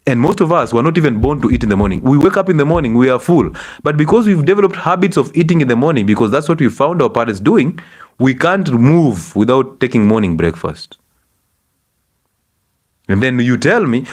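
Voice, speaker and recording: The speaker is a middle-aged Kenyan doctor whose English carries his Kenyan accent. Talking fairly quickly in a mid-range voice, he gives an energetic health lecture, reproaching the audience with rhetorical questions.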